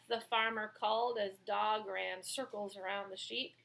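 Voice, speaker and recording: A woman reading a children's picture book aloud with expressive storytelling. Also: mid-range voice, a little slow, creaky, rough recording.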